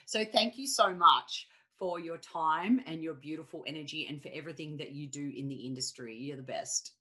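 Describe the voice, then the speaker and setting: A middle-aged woman hosting a coaching podcast, telling stories in a lively, animated way with quick asides. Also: low voice. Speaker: podcast host, tennis coach. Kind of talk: casual interview chat.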